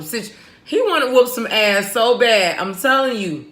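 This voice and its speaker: A woman's voice: on the high side, lively intonation, unhurried, fairly bright tone, reverberant. Profane laughing woman vlogger. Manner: profane, laughing, sings a chant. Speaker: vlogger commenting on news clips. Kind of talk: casual commentary.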